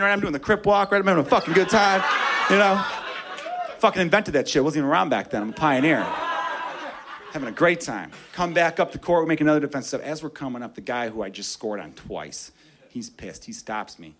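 A man doing stand-up, telling a story in an animated, profane way and acting out the people in it. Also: on the high side, quick pace. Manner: animated, profane, acts out characters. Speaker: stand-up comedian.

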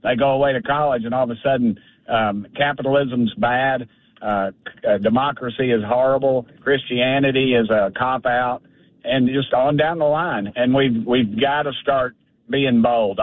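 A man's voice: mid-range voice, fairly even intonation, normal speed, no echo. A man, a congressman calling in by phone, talking bluntly and with fire in a folksy way. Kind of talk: phone call-in interview. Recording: tinny phone line.

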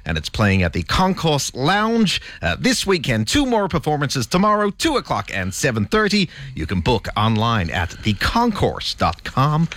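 A man's voice: mid-range voice, huge pitch swings, normal speed, fairly bright tone, no room sound, pitched above the performer's own voice. A man putting on an American accent to spruik a show, hammy and showy. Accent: put-on American.

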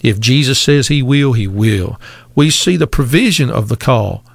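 Male preacher, gravelly and unhurried, dry recording, deliberate repetitive delivery. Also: mid-range voice, lively intonation, no echo. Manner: slow, deliberate preaching with repeated phrases. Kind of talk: sermon.

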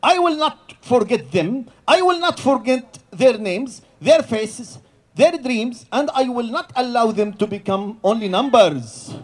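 A man delivers a defiant protest speech in a very high voice. He speaks slowly and deliberately, and his pitch swings widely as he stresses each line. He builds his points through rhythmic repetition. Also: animated. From Gaza, Palestine. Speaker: rally speaker.

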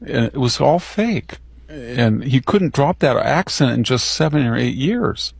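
A man giving opinionated political talk, animated and indignant. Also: medium pitch, a little slow, creaky, breathy edge, no room sound. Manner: animated, mimics politicians' voices in quotes.

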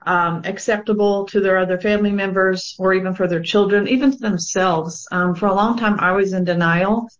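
A woman's voice: mid-range voice, steady tone, a little fast, few pauses, lo-fi sound. Earnest woman telling her story. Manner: earnest storytelling with many fillers. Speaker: guest, abuse survivor and advocate. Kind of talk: personal testimony on a talk show.

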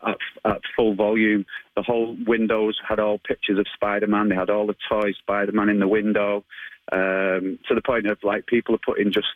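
A man's voice: fairly low pitch, dry recording, phone-quality sound. A man in his thirties with a Manchester-area English accent, answering interview questions in a chatty, hesitant way with frequent laughs. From England. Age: 30s. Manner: chatty, hesitant with many ums, laughs often. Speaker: guest, martial arts instructor.

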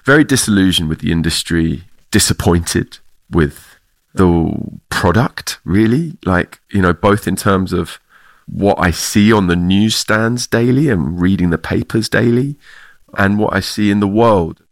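A man's voice: sits low, unhurried, no room sound. A middle-aged man from the UK, a theater clown, answering interview questions reflectively and laughing often. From United Kingdom.

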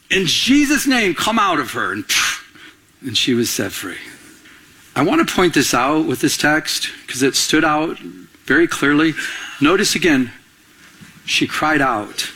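A man preaching a conversational sermon as a pastor, asking his listeners questions and acting out what people said. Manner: animated, conversational, asks the audience questions; acts out quoted voices with big pitch swings.

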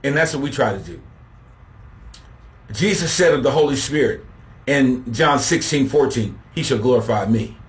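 A man preaching a sermon, slow and emphatic, building to shouted refrains as he contrasts points. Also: medium pitch, expressive.

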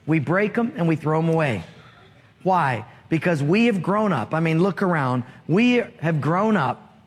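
A male pastor preaches in a high voice, taking his time over each phrase. He throws rhetorical questions at the congregation and waits for them to answer back. His voice rings out with a long reverb from a large hall. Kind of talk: sermon.

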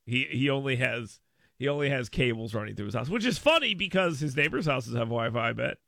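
A man's voice: medium pitch, animated, brisk, gravelly, bright, forceful tone, no echo. A man hosting a radio talk show, rambling and repeating himself in casual chat, laughing often, at a studio microphone.

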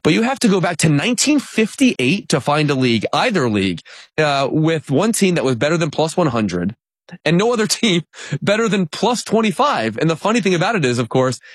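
A man's voice: fairly high pitch, a little fast, husky, no room sound. A man reading baseball numbers in a conversational sports talk, often laughing while he talks. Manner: laughs through stats, animated. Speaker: baseball analyst.

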